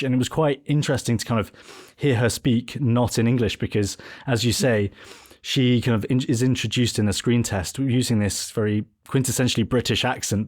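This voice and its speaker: A man of middle pitch hosting a film podcast. He speaks in a thoughtful, academic way and builds his points as he talks with his guest. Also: a little mellow. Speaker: podcast host. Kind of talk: conversational podcast interview.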